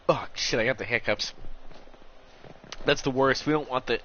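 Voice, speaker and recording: A man's voice: moderate pace, bright, forceful tone. A young man casually commenting on a game as he streams it, joking, sarcastic and swearing freely. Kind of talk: casual let's-play commentary. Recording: muffled low-quality stream audio with faint hiss.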